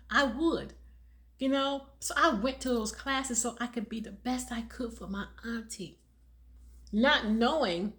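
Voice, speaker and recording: A woman's voice: fairly high pitch, a bit bright. Earnest woman speaking from the heart. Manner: earnest, repeats phrases for emphasis. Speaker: caregiver and awareness speaker. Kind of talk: heartfelt personal talk to viewers.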